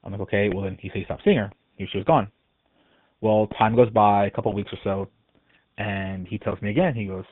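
This caller, a Texan man with a lowish voice and a quick pace, shares a ghost story over the phone in a rambling, casual way, full of fillers and restarts. The line is tinny and dry, with no room sound.

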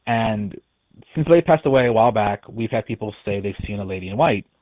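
A man's voice: on the low side, animated, quick pace, no room sound. A man from Texas phoning in to tell a ghost story, rambling along with lots of fillers and restarts. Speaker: caller sharing a ghost story. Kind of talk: casual phone-in storytelling. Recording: tinny phone line, dry.

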